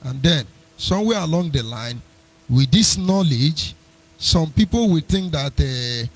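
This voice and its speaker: A man hosts a live radio talk show in a rather high, husky voice. He argues combatively and mocks his opponents with sing-song asides. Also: lively intonation, unhurried. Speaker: radio host. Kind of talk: live internet radio commentary.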